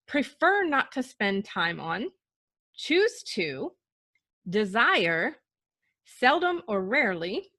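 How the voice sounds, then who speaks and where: A woman's voice: fairly high pitch, fairly bright tone, no echo. Encouraging woman giving a parenting lesson. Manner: earnest, encouraging, acts out example phrases. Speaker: parenting coach. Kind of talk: instructional talk.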